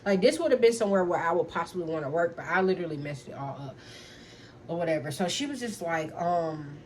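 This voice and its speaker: A woman's voice: fairly low pitch, expressive, fast talker, darkish tone, slight background noise. Chatty young woman telling a story. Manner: chatty, many fillers, keeps addressing her viewers; earnest, lecturing when giving advice. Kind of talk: casual storytime chat to viewers.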